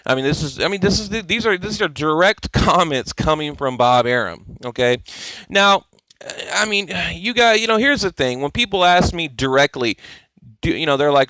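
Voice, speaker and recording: A man's voice: a little high, animated, normal speed, sharp tone, no echo, rough recording. A man hosting a boxing video blog, talking in a rambling, emphatic, profane, fired-up way. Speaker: boxing vlog host. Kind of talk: casual chat.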